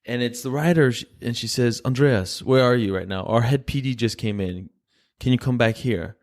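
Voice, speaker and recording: A man's voice: medium pitch, moderate pace, a little mellow. A man from Greece, a podcast guest telling a story in casual chat and acting out the voices of people he quotes.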